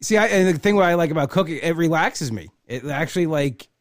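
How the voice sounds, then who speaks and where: A man's voice: on the high side, expressive, quick pace, no echo, clean studio sound. A man with a Long Island accent hosting a podcast in casual chat, laughing often and trailing off mid-sentence. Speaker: podcast host.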